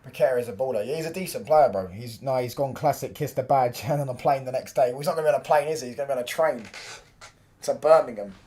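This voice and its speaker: A man's voice: mid-range voice, fast talker, dark tone. A young man hosting a live football watchalong stream, chatting in casual slangy banter and reacting to the match and viewers' messages.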